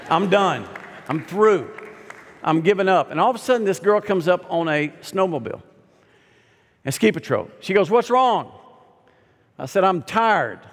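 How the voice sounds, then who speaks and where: A middle-aged man preaching a sermon, telling a humorous story in a lively, conversational way. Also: high-pitched, normal speed, a faint crowd. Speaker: pastor. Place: large hall or sanctuary. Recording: long hall reverb.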